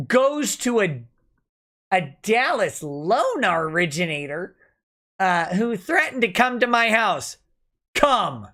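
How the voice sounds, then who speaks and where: A man's voice: high voice, pushed and bright. A drunk man hosting a late-night livestream, ranting angrily and swearing a lot. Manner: angry, profane ranting. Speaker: livestream host.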